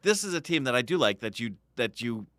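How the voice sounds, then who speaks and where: A man in his thirties co-hosting a casual sports podcast, animated and quick to laugh as he riffs on jokes. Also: medium pitch, dry recording. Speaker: podcast co-host. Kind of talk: casual chat.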